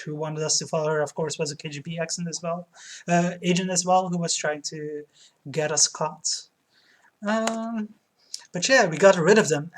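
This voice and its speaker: Woman streamer, let's play commentary, low-pitched, slow and relaxed, fillers. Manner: slow, relaxed, with frequent fillers and light laughs. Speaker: game streamer.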